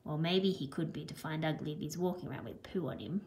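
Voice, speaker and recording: A woman's voice: deep voice, fast, a little mellow. A teacher reading a picture book aloud and thinking through questions about it as she goes. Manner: musing, thinking aloud with hmm.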